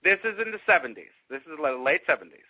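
Man telling an animated story, lo-fi. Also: on the high side, fast talker, husky. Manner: animated, laughs often while telling. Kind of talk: casual storytelling to a small group.

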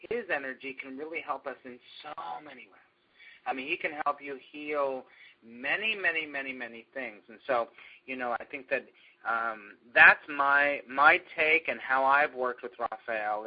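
A man guides a spiritual discussion group, talking in loose, rambling stretches full of fillers and restarts. His voice sits in an ordinary middle pitch. The recording sounds dull and lo-fi. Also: moderate pace. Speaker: meditation group leader.

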